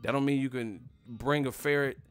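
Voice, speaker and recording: A man talks loosely on a live stream, rambling and swearing freely and chuckling at his own jokes. His voice sits at an everyday middle pitch. Quiet music plays faintly behind him. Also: steady tone, moderate pace, clean tone. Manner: profane, rambling, laughs at himself. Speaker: boxing commentary host. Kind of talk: casual live-stream rant.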